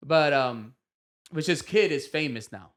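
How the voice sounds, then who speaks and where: A man hosting a comedy podcast, telling a story in an animated way, acting out the quotes and laughing often. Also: on the high side, a little slow. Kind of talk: casual storytelling chat.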